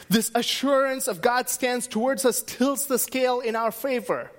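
A man delivers a sermon from the pulpit of a church. His voice sits unusually high for a man, and he presses his message through emphatic repetition, echoing key phrases again and again. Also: normal speed, few pauses, a bit bright. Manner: emphatic preaching with repeated refrains. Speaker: pastor.

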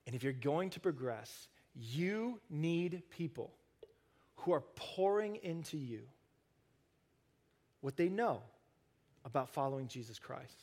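A man preaching a sermon, earnest, rising to emphatic stresses and then dropping soft and low. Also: animated, slow pace, long pauses. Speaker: pastor.

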